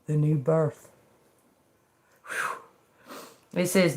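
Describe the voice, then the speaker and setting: Loud, laughing, foul-mouthed woman livestreaming. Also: moderate pace. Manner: loose, profane and animated, laughing often; swings between loud outbursts and low asides. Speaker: tarot reader and livestream host. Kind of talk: casual livestream chat and Bible reading.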